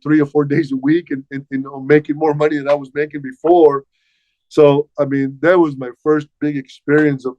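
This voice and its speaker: Older man, interview guest. Animated storyteller, stumbles and repeats words. Mid pitch, dull, dry recording. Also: dry recording. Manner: animated, repeats words while recounting past dialogue. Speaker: interview guest, former wrestler. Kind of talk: casual storytelling. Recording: dull, slightly muffled dry sound.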